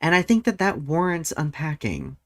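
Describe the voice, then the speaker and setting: A man's voice: on the high side, big pitch swings, moderate pace. A man hosting a casual talk show, speaking animatedly, laughing easily and peppering his speech with "like.". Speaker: podcast host. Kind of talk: casual chat.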